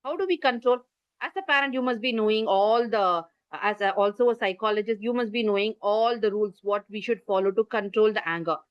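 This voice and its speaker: Speaking briskly at medium pitch with a clear, resonant tone, a parenting workshop speaker with an Indian English accent teaches online over a video call. She explains with gestures and asks listeners to type in the chat, and the muffled, lo-fi audio carries no room sound.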